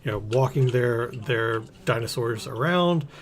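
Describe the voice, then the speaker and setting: A man running a tabletop roleplaying game, with a middle-pitched voice. He describes the scene in stops and starts, filling pauses while he searches for details. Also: expressive. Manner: hesitant, many ums and restarts while recalling details. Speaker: game master.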